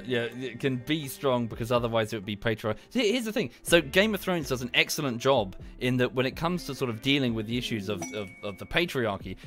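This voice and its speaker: Male streamer, mid-pitched voice, rambling casual rant, spikes into exasperated yelps, faint music underneath. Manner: rambling, heated rant with sudden high outbursts. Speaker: gaming streamer.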